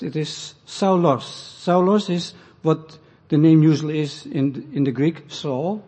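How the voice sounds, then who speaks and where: A man preaching a sermon, measured and emphatic, pausing between short phrases. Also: a little high, mellow, husky. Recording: dull sound with long hall reverb.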